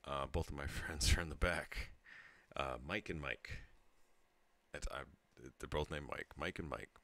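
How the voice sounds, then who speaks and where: A man's voice: very deep voice, measured pace, pushed and bright, dry recording. A tipsy man in his thirties telling a rambling story to his channel, laughing and breaking off mid-sentence. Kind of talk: casual storytelling monologue.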